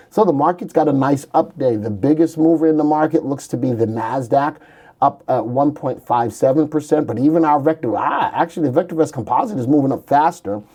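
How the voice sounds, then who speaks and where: A man's voice: mid-range voice, dark tone, slightly rough. A man hosting a live online stock market session as senior instructor, explaining things in a casual, conversational way and often restarting sentences. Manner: conversational, self-correcting, upbeat explainer. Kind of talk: casual livestream presentation.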